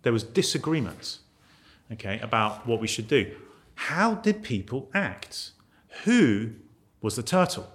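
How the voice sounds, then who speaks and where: A man's voice: a little high, sing-song, normal speed. A British man giving a conversational teaching talk on ministry to a group in a meeting room. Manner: conversational, acts out quoted voices. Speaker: ministry trainer.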